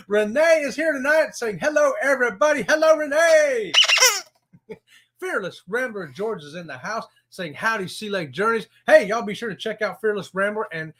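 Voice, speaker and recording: Guy, high bright voice, folksy livestream host reading chat comments. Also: animated, normal speed, slight background noise. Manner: folksy and upbeat, says y'all and howdy. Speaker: co-host of a cruise channel livestream.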